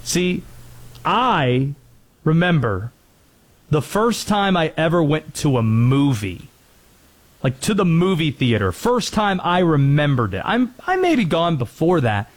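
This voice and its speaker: A man's voice: a little high, big pitch swings, a little slow. A man hosting a talk radio show, chatting and joking with callers and co-hosts. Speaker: radio host. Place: radio studio.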